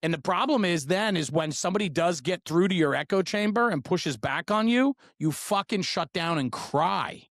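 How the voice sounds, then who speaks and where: A man's voice: high voice, expressive, normal speed, hardly any pauses, a bit bright, no echo, studio quality. A man hosting a fire service podcast, talking bluntly in a fired-up way and swearing freely. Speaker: podcast host. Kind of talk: casual podcast conversation.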